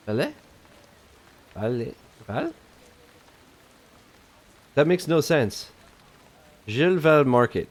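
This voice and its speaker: A male streamer casually reading a story game aloud. He rambles, jokes and swears between lines in a mid-pitched, everyday voice. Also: darkish tone. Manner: joking, rambling, profane asides.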